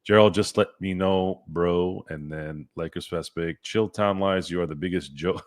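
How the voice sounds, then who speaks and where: A man's voice: deep voice, normal speed. A man hosting a live-stream sports chat, ranting and cursing in a fired-up way. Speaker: sports podcast host.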